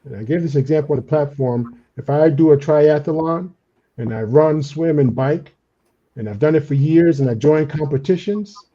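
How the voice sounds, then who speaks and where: A man on a discussion panel, explaining his ideas in an animated way and acting out the inner voices he quotes. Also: fairly high pitch, lo-fi sound. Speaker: panelist on a trauma and healing talk. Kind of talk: conversational explanation.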